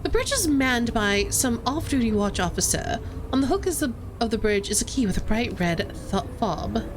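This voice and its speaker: A woman's voice: a little high, very animated, moderate pace, background noise. A young woman streamer, chatty, reading game text aloud and talking to viewers. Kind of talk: casual game playthrough narration.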